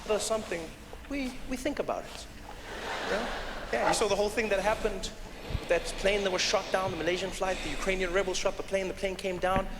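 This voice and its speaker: A man performing stand-up comedy, telling stories in an animated way and slipping into accent impressions. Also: sits high, brisk, noisy background. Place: live comedy stage. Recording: reverberant live venue with crowd ambience.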